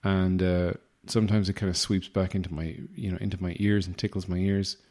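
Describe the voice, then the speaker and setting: A man's voice: low-pitched, level tone, a little fast, dark tone. An Irish man hosting a podcast, delivering a rambling, self-deprecating comic monologue with a wry manner. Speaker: podcast host.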